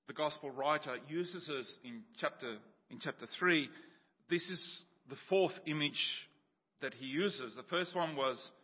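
A male preacher giving a sermon, telling a story and explaining scripture, dropping quieter and slower on key words. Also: a little high, breathy edge. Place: church. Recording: dull sound with long church reverb.

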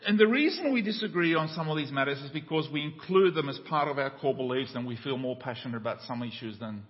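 A man with an Australian accent, a pastor preaching a sermon in a church, telling a joke with rising excited voices. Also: quick pace. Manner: preaching with a joke, voices climbing high in the tale. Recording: dull church recording with long reverb.

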